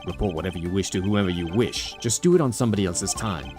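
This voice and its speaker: A man voicing a cool male prosecutor who speaks low and quiet. The delivery is formal and aloof, like game dialogue read aloud. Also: fast talker, music in the background, close to an everyday voice. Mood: stern.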